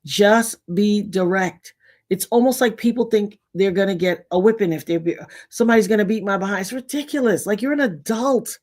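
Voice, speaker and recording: A woman chats casually on her livestream, mid-pitched and animated, leaping from low mutters to high exclamations. She tells her stories bluntly and emphatically, with plenty of slang and laughter. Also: fairly quick. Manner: animated, with big swings in pitch and loudness and bursts of laughter. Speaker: livestream host reading viewer comments.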